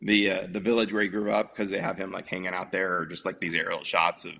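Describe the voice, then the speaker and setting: A man's voice: low voice, little pitch movement, quick pace, vocal fry, sharp tone. A man hosting a casual movie review podcast, telling stories in a rambling way with lots of fillers. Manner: rambling, filler-heavy storytelling. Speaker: podcast host.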